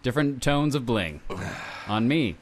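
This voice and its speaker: Jokey male co-host, deadpan, mid-range voice. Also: mid-range voice, measured pace. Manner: jokey, deadpan banter, improvised silly raps. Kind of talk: casual podcast chat.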